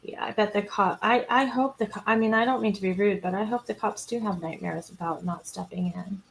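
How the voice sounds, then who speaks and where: A woman's voice: medium pitch, brisk, gravelly, a little hiss or hum, poor audio. A woman hosting a casual true crime livestream, recapping scenes and reading viewer comments aloud in a chatty way, with frequent ums and restarts. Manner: chatty, retells scenes, greets and answers viewers.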